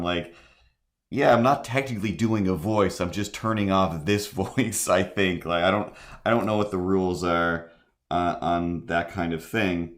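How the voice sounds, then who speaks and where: A man's voice: low voice, unhurried. A man chatting casually while drawing on a live stream, rambling and self-deprecating. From near Cape Breton, Canada.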